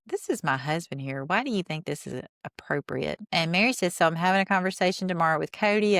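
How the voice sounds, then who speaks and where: A woman's voice: sits low, fairly bright tone, clear, resonant tone, dry recording, studio quality. A woman hosting a podcast, casually recapping a reality show in an opinionated way, retelling scenes through quoted lines and throwing in sarcastic asides.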